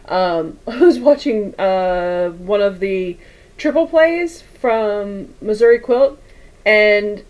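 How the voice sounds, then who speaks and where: Woman, quilting livestream host, unhurried casual chat, rambling, laughs a lot. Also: mid-range voice, a little mellow, low-quality recording. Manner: chatty, rambling, laughs often, reads chat aloud. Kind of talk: casual chat while sewing.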